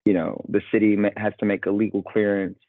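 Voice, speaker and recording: A man co-hosting a casual podcast, with a gravelly voice, speaking in a measured way and asking questions. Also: lowish voice, little pitch movement, no echo. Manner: measured, questioning, gives short backchannels. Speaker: podcast co-host. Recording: dry, phone-like thin audio.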